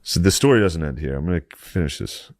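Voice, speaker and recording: A man's voice: low-pitched, lively intonation, quick pace, a little mellow, no room sound, studio quality. A man co-hosting a podcast, telling a rambling, crude story with mock outrage and frequent swearing. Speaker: podcast co-host. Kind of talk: casual profane storytelling.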